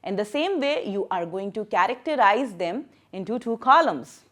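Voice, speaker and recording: A woman's voice: medium pitch, normal speed. A woman teaching primary school English in a recorded lesson, patient and emphatic, repeating and stressing words for young learners. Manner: lively and emphatic, stressing syllables and key words.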